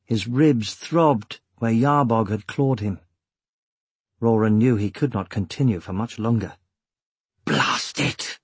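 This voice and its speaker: A man narrating an audiobook with measured, steady storytelling. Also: fairly low pitch, breathy edge, dry recording. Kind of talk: scripted narration.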